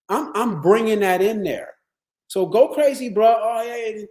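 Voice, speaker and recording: A man giving a motivational wellness talk to lawyers. He tells stories in a streetwise, profane, animated way. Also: high voice, a little slow. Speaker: wellness speaker. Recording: echoey room.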